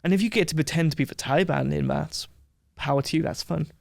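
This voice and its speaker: A man with a fairly high voice and a gravelly, crackling edge talks in a casual interview. He rambles through animated anecdotes and often breaks into laughter. The sound is close and dry, with no room behind him. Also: quick pace, no room sound. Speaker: podcast guest.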